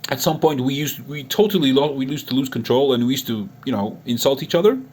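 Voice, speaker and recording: An online Islamic preacher who also runs a chat room speaks in an unscripted monologue aimed at a critic, earnest and emotional, frequently restarting his sentences. His mid-range voice moves fast, with a darkish tone and a breathy edge.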